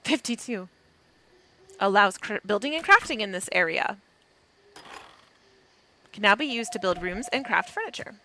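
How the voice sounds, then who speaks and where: A woman playing a cozy game and talking through it, playful and giggly, thinking out loud. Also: mid-range voice, animated, moderate pace, long pauses, a little hiss or hum. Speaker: gaming streamer. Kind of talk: casual gameplay commentary.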